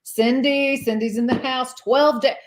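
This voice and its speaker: A middle-aged woman talks in a somewhat high voice as she co-hosts a casual cruise live stream. She chatters along, laughs easily and reads out comments from viewers. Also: steady tone, a little slow. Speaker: cruise vlogger co-host.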